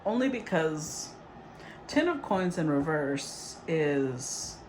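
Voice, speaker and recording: A woman giving a casual, rambling tarot reading, chatty and quick to laugh. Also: low-pitched, sing-song, darkish tone, a little hiss or hum. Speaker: tarot reader.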